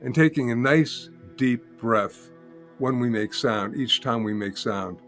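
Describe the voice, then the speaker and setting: An older man teaching as a guest in an interview, calmly explaining and demonstrating a humming practice step by step. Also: mid-range voice, unhurried, soft background music. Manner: calm, patient, repeats steps and demonstrates by humming. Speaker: sound healing teacher, guest. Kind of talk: guided instruction in an interview.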